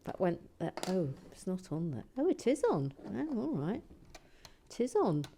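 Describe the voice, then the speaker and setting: A woman hosting a building video, chatting casually and self-mockingly, often dropping into a hushed whisper and stumbling over words. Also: fairly low pitch, sing-song, moderate pace, slight background noise. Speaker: host of a brick-building channel. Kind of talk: casual chat while building.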